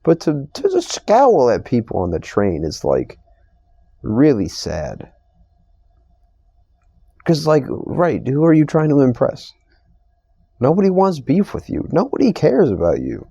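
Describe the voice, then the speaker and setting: A young man rambles through a profane, exasperated podcast rant. His voice is dark and gravelly, swinging widely in pitch, and the dry recording sounds a little dull. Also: wildly swooping pitch, a little slow, pauses often, no room sound. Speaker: podcast host. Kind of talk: casual solo podcast rant. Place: store receiving area.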